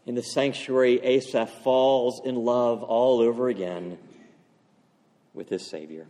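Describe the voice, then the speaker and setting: A man's voice: medium pitch, fairly even intonation, measured pace. Earnest preaching man in echoing church. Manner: earnest, swings from loud emphasis to hushed tones. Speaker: pastor. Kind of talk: sermon. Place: church sanctuary. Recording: long reverb of a church hall.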